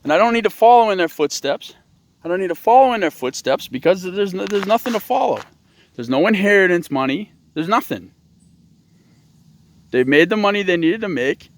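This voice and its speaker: A man's voice: high voice, lively intonation, moderate pace. A man hosting his own show, ranting in a blunt, profane, rambling monologue. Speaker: host.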